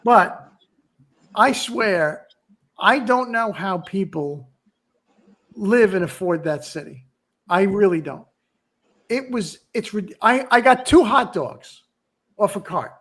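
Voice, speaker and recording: Chatty host with a high-set voice. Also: male voice, expressive, slow pace, pauses often, a bit bright. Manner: chatty, rambling, frequent restarts and asides. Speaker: podcast host. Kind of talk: casual chat.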